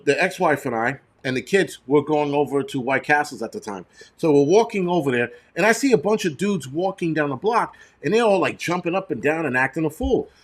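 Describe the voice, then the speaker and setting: A middle-aged man hosting a casual livestream, answering viewers in a blunt, profane, rambling way. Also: a little high. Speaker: channel host.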